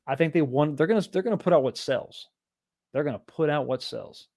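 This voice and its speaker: A man's voice: on the high side, a little fast, warm tone. A man hosting a casual livestream, rambling and restarting his sentences as he talks. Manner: rambling, repeats words and restarts often. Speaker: livestream host.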